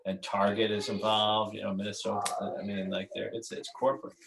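A man's voice: lowish voice, flat delivery, brisk, creaky, background noise. A man who is the guest writer and creator, chatting casually in a podcast interview, often restarting his sentences and laughing.

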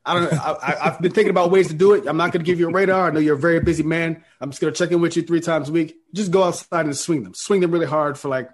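A man with a slightly high, husky voice rattles through a casual podcast rant at a quick clip. He is emphatic and joking, pushing his point hard. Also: steady tone. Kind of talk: casual golf podcast chat.

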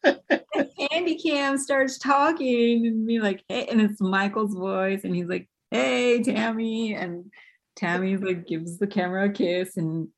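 A woman's voice: medium pitch, measured pace. A woman co-hosting a podcast, chatting casually and giggling while recapping a film. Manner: giggly, animated. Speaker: podcast co-host.

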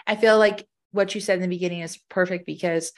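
A woman with a fairly low voice speaks candidly and earnestly as a podcast co-host. Her casual delivery is full of "like" and restarts. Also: steady tone, fast talker. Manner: candid, earnest, says "like" a lot. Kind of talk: casual chat.

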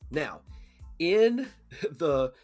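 A man's voice: fairly high pitch, very animated, very slow, a little mellow, faint music behind. A man co-hosting a casual podcast, talking loosely, swearing and acting out quoted lines. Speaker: podcast co-host.

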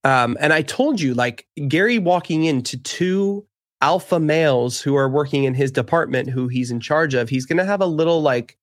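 Podcast co-host, man, chatty and opinionated, somewhat high voice, dry booth sound. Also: moderate pace, no echo. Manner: animated, hesitant restarts, opinionated. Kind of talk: casual chat.

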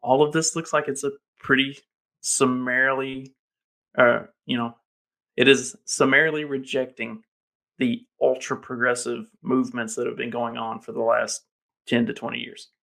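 A man co-hosting a casual political podcast, dropping dry, wry asides and measured summaries. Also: medium pitch, flat delivery, gravelly, bright, forceful tone. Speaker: podcast co-host.

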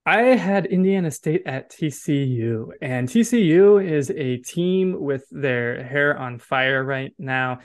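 A man's voice: on the high side, slow pace, hardly any pauses. Chatty man hosting a baseball podcast. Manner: chatty, self-correcting, checks facts aloud. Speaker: podcast host. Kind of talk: casual sports chat.

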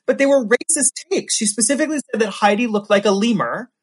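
A man hosting a casual chat, animated and sarcastic, with quick asides. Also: very high-pitched. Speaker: podcast host.

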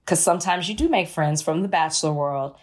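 A woman's voice: deep voice, fairly quick, darkish tone. A woman co-hosting a podcast, chatting casually and telling stories, laughing easily. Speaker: podcast co-host. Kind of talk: casual chat.

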